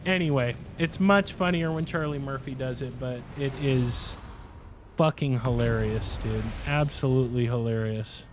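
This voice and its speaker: A man with a mid-range voice chats casually at a moderate pace while livestreaming a game, with a little hiss or hum in the recording. He tells a long, rambling story and laughs frequently.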